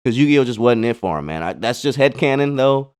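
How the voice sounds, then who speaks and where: A man's voice: mid-range voice, expressive, a little fast, a little mellow, clear, resonant tone. A man casually commenting on card-game replays in a laid-back, slangy way, full of chatty asides. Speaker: gaming channel host.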